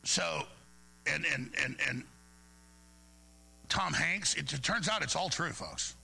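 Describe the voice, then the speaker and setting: A man with a high, gravelly, sharply bright voice rants through a radio monologue. He stumbles over repeated words as he pushes on. A faint mains hum sits under the recording. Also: expressive, takes it slowly, rough recording. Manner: rambling, repeats words, heated. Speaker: radio show host. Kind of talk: agitated talk radio monologue.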